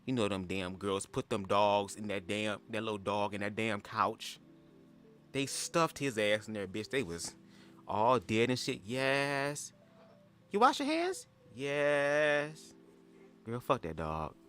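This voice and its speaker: A man with a lowish voice hosts a casual livestream, chatting in a sassy, profane, storytelling way. He keeps jumping into shrill impressions before dropping back down, and faint music plays underneath. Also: unhurried. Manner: animated, jumps into high-pitched impressions. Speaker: livestream host. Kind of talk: casual livestream reaction chat.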